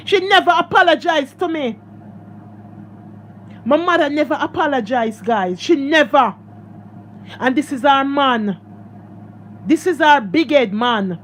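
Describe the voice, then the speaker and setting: A Jamaican woman with a high voice tells her own story straight to her followers, circling back and repeating herself as the feeling builds. She keeps calling her viewers guys. Faint road noise hums behind her. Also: a bit bright. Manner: emotional, repetitive, addresses viewers as guys. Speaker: social media storyteller.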